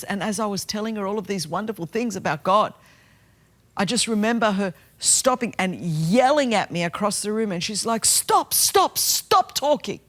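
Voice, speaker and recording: Earnest woman preacher telling a story. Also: mid-range voice. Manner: earnest, building to passionate emphasis. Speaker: speaker and activist. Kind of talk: sermon storytelling.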